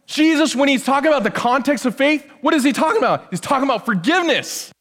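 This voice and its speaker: Animated preaching man in a reverberant church. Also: very high-pitched, quick pace, hardly any pauses. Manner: animated preaching, swings between hushed asides and loud emphatic peaks. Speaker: pastor. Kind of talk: sermon. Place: church sanctuary.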